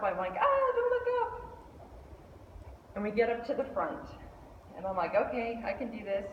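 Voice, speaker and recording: A middle-aged woman giving a lively storytelling speech, acting out the voices of the people in her story. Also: fairly high pitch, distant mic, lo-fi sound, a little hiss or hum. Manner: animated, acts out quoted voices. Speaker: speaker at a speech club. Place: meeting hall indoors. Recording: echoey hall, mic from afar.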